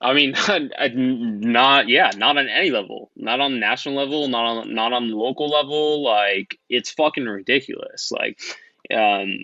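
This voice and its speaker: A man's voice: mid-range voice, normal speed, pushed and bright, no room sound, dull audio. A man talking bluntly and angrily in a casual podcast conversation, swearing freely. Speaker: guest organizer. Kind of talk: casual political podcast talk.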